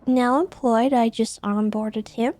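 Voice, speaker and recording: A woman in her twenties from Washington state, playing a driving school instructor in a role-play game, friendly and gentle with many hesitant fillers. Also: on the high side, fairly even intonation, measured pace, slight background noise. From Washington state, USA. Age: 20s. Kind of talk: in-character role-play chat.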